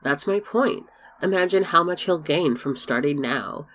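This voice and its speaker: A man voicing a reckless, playful young wizard who speaks loudly and insistently. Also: on the high side, expressive, measured pace, pitched above the performer's own voice.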